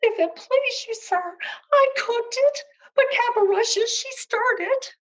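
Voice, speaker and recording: A woman voicing a frightened, fluttery cook who pleads in a high, trembling voice. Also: takes it slowly, lo-fi sound.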